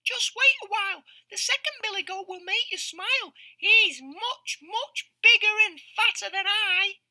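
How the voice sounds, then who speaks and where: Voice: a little slow, pushed and bright, full character voice. A storybook narrator voicing the smallest billy goat, a tiny, polite, pleading young goat. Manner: squeaky, pleading. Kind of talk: storybook audiobook acting.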